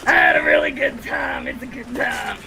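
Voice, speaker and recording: A woman who works as a haunted attraction actor, chatting loudly and animatedly over a video call as a guest, laughing through her stories and swearing freely. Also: medium pitch, huge pitch swings, moderate pace, gravelly, crowd noise, low-quality recording. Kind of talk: casual storytelling chat.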